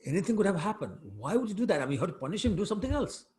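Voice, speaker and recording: A man's voice: fairly high pitch, expressive, moderate pace, a little mellow. A man voicing an angry boy deity who scolds his mother, his voice raised and indignant. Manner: indignant, pleading.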